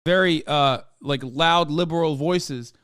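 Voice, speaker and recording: A man with a high, smooth, clear voice hosts a live stream. He reads quoted passages quickly and flatly, then cuts in with profane, sarcastic rants. The sound is dry and close. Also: no room sound. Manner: fast, flat reading of quoted text. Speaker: streamer host. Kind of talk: live-stream commentary, reading articles aloud.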